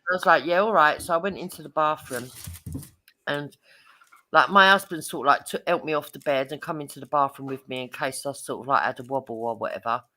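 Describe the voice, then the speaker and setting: Bright-voiced, feisty woman storyteller. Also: deep voice, brisk. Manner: swearing, lively storytelling with laughs. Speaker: mother telling stories. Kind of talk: casual chat.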